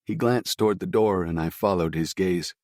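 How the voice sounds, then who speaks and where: A man with a deep, low voice reads a first-person story in a slow, somber way. The sound is dry and close, with no room around it. His reading is scripted and steady. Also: no room sound. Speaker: audiobook narrator.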